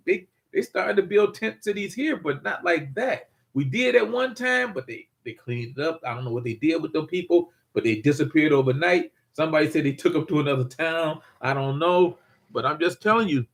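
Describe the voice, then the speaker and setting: Older man, prepper host, rambling folksy monologue, voice a bit high. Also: creaky, a bit bright. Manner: rambling, repeats himself, folksy storytelling. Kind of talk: casual monologue to viewers.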